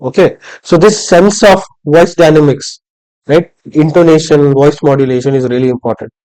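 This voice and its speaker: A man's voice: a little high, moderate pace, dark tone, rough recording. A man leading a live workshop on public speaking, talking conversationally and demonstrating intonation with examples to a room of listeners. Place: room with small audience.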